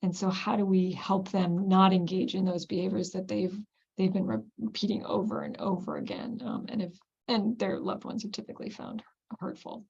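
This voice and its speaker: A woman presenting to clinicians over a video call, with a gravelly edge to her voice. She explains things conversationally, with plenty of ums and restarts. The audio is dull and lo-fi. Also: mid-range voice, lively intonation, normal speed, darkish tone. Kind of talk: online teaching presentation.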